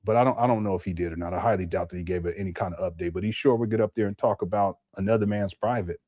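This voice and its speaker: A man's voice: low-pitched, racing, dark tone, dry recording. Man rambling on a live stream, dry sound. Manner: rambling, musing, with a lot of repetition. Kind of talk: casual live stream commentary.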